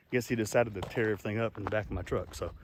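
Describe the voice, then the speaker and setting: A man's voice: fairly low pitch, background noise. A middle-aged man hosting a casual nature vlog outdoors by a pond, talking in a folksy, rambling way. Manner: folksy, chatty, rambling with fillers. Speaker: channel host.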